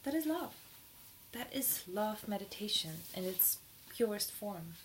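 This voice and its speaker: A woman's voice: measured pace, a little hiss or hum, poor audio. Earnest woman giving a spiritual teaching. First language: not English. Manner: earnest, gets high and excited when moved. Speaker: dharma teacher.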